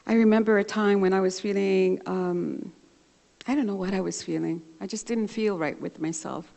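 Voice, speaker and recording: A woman's voice: medium pitch, normal speed, gravelly. A woman minister giving a sermon, telling a personal story and acting out both sides of a phone conversation. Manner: warm storytelling, animated when retelling a conversation. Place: church sanctuary. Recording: church livestream with long reverb.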